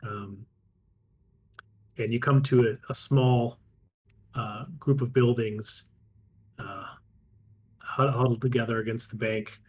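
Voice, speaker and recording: A man narrating as game master of a tabletop role-playing game, halting with frequent ums and restarts. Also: medium pitch, fairly even intonation, muffled recording, a little hiss or hum.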